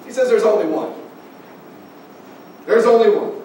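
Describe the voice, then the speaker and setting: A man's voice: sits high, unhurried, dark tone. A male pastor preaching a sermon, building emphasis and putting direct questions to the congregation. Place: church sanctuary. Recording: very echoey church hall from far off, faint noise.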